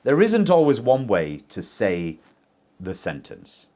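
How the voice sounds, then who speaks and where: A male English teacher leads a pronunciation lesson, saying example sentences for learners to repeat. He speaks slowly and with great care. His intonation climbs and drops a long way as he stresses words. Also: fairly low pitch. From English-speaking country. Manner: very lively teacher intonation, slow deliberate pacing.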